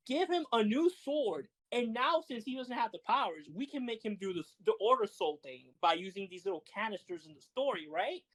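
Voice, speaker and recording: Animated woman telling gaming stories. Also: on the high side, poor audio. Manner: animated storytelling, frequent laughter and swearing. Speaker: podcast co-host. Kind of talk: casual gaming chat.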